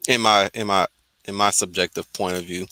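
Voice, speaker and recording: A man's voice: deep voice, fairly even intonation, normal speed, bright, forceful tone, no room sound, low-quality recording. A man from Wisconsin chatting casually, rambling through his opinions with many restarts. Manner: rambling, restarts often while musing. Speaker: podcast host. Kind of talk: casual group chat.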